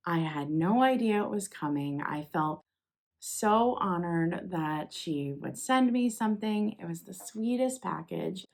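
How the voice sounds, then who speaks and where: A young woman, chatting casually as she opens packages, gushing with excited exclamations. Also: fairly low pitch, a little slow, vocal fry. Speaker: vlogger. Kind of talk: casual unboxing chat.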